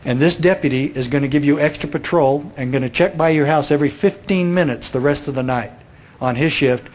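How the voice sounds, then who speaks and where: A courteous small-town sheriff, unhurried and reassuring, as a man telling a story puts him on. The voice sits a touch higher than most men's, and it stays polite and steady throughout. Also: close to an everyday voice. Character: calm, kindly male small-town sheriff.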